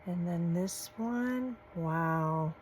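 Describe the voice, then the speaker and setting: A woman, gushing softly as she shows off craft supplies in a casual vlog. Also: fairly low pitch, very slow, a little hiss or hum, low-quality recording. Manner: gushing, soft-spoken, folksy. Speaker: crafting channel host. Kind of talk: casual show-and-tell vlog.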